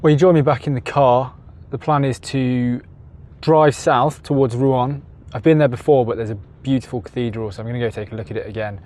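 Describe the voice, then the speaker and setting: An English travel vlogger chats casually in a car and outdoors, self-deprecating and laughing at himself. His voice is medium-pitched, steady, brisk, and somewhat dark. Car and traffic noise fill the noisy background.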